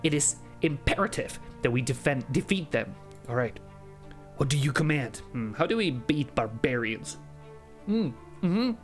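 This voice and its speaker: A man plays through an AI role-play game, reading the text out and reacting with frequent laughs and curses. He talks slowly, and his pitch swings widely across a sentence. Faint music sits quietly behind him. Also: animated. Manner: quieter, softer delivery later on. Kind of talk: casual let's play commentary.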